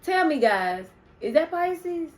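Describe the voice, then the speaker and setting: A woman's voice: high-pitched, big pitch swings, slow, darkish tone, rough recording. A young woman giving a casual spiritual card reading to her viewers, chatty and rambling with many ums and asides. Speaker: spiritual reader.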